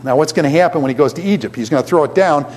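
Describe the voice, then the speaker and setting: A man teaching a classroom lecture in an animated way, often asking his students questions. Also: a little high, rapid-fire.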